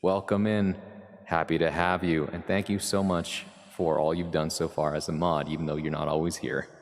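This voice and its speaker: A man's voice: a bass voice, flat delivery, moderate pace. A man hosting his own live stream, chatting casually and rambling through asides as he greets viewers and mods. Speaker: livestream host. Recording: long reverb with music underneath.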